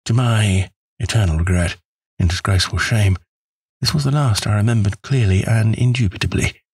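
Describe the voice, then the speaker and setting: A man narrating an audiobook in the first person, measured and wry. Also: lowish voice, a little mellow, husky, dry recording.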